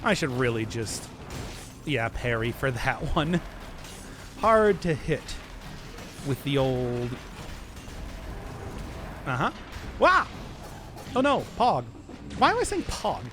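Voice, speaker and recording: A man's voice: mid-range voice, huge pitch swings, takes it slowly, pauses often, music in the background. A young man streaming a game, chatting and rambling as he plays, often laughing. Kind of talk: live gameplay commentary.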